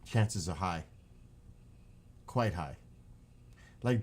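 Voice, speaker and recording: Casual streamer, New York man, low-voiced, lively, rambling and joking. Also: moderate pace, pauses often. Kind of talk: casual live-stream chat.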